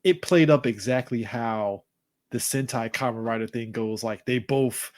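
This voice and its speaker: A man's voice: mid-range voice, unhurried, a little mellow. A man co-hosting a casual fan podcast, laid-back, laughing and swearing as he quotes characters. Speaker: podcast co-host.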